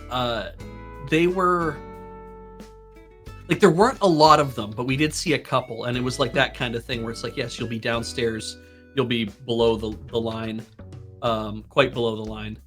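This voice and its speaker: A man chatting casually on a live stream, wandering through his thoughts with plenty of likes and ums. His voice sits at an ordinary middle pitch. Soft music plays faintly underneath. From Canada. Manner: animated storyteller, rambling with fillers. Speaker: stream host. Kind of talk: casual chat.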